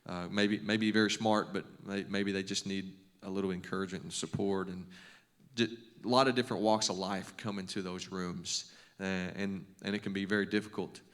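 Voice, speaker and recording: A middle-aged man, a basketball coach and teacher, gives a devotional talk to a men's group in a low, fairly bright voice with fairly even intonation and moderate pace. He's folksy and conversational, full of restarts and stammers and self-deprecating humor.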